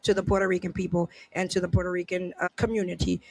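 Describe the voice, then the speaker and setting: A woman's voice: fairly low pitch, little pitch movement, quick pace, vocal fry, darkish tone, husky. A woman hosting a casual podcast, reading news aloud and reacting with indignant rhetorical questions and many restarts. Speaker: podcast host.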